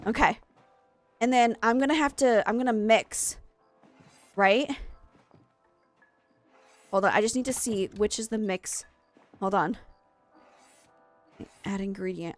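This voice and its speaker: A young adult woman live-streaming a game, chatting casually with friends, excitable, giggly and easily flustered. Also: fairly high pitch. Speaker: streamer hosting a game party.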